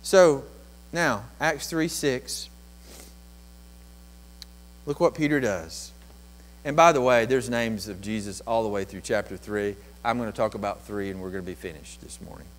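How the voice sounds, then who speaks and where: A man preaching a sermon as pastor, building to impassioned, rising passages and then dropping to quiet, slow reflection. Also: low-quality recording. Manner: impassioned preaching with swells of volume and pitch.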